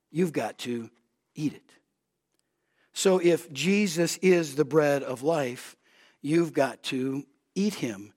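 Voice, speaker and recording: A middle-aged man preaching an expository sermon, earnest, repeating words as he builds emphasis and swinging from loud urgency to quiet, close reflection. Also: a little high.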